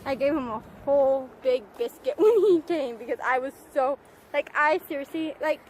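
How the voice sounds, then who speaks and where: This park vlog features a young woman with a high voice speaking at a normal pace into her handheld phone camera as she walks with her service dog. She laughs frequently and calls out praise to the dog, and the low-quality audio carries a little hiss or hum.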